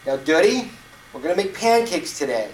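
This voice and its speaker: A man in his fifties voicing a patient mother who calmly teaches her young son to make pancakes. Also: high voice, moderate pace, slight background noise, pitched above the performer's own voice. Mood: instructive. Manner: calm, instructive, gently reassuring. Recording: echoey room, distant mic.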